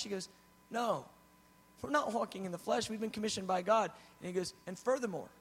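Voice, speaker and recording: Guy with a really high voice giving a sermon, acts out the scripture quotes, chatty then emphatic. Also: a bit bright. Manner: builds to emphatic preaching. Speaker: pastor.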